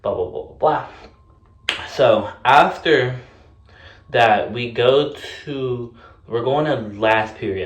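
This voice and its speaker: A young man casually telling a story in a vlog, animated and sassy, full of fillers and cursing. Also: mid-range voice, reverberant.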